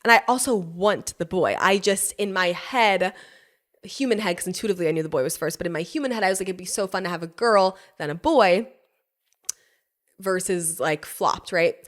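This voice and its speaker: A pregnant young woman hosting a podcast, telling a personal story in a casual, animated way, laughing often and swearing freely. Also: fairly low pitch, moderate pace. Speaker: podcast host.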